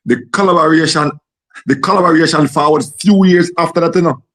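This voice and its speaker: A man's voice: on the high side, a little fast, fairly bright tone. A Jamaican man hosting a casual talk discussion, rambling through a history with many repeated words.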